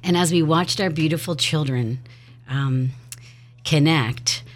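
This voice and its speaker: Slow and deep-voiced, this woman in her fifties is a podcast co-host having a relaxed chat with her husband. She's talkative, laughs a lot, and now and then lets her sentences trail off.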